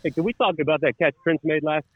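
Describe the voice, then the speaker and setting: A man's voice: a little high, fairly even intonation, fast talker, highs cut off. A man wearing a mic on the field, out of breath and joking about himself. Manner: jokey, self-mocking. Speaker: mic'd-up player. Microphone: wireless mic worn on the field.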